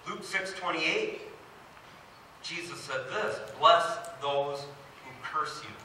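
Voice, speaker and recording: A man preaching a sermon as pastor, telling stories with rising, animated emphasis. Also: on the high side, slow, far from the mic, a little hiss or hum. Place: church sanctuary. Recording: very echoey hall, mic from afar.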